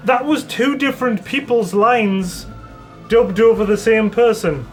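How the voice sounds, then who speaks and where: A man's voice: high-pitched, a little slow, soft background music. A man hosting a podcast, recapping a bad movie in a casual, sarcastic way and swearing freely. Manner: sarcastic, swears freely, laughs while retelling scenes.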